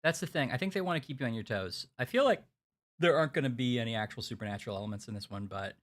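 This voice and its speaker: A man's voice: medium pitch, rapid-fire. A man streaming a video game, chatting casually and rambling with restarts. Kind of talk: casual gameplay banter.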